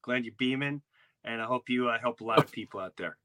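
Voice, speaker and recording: A man's voice: medium pitch, fast, bright, forceful tone. A man who hosts a podcast and does stand-up, telling rambling stories in casual chat with many restarts. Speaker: podcast host and stand-up comedian.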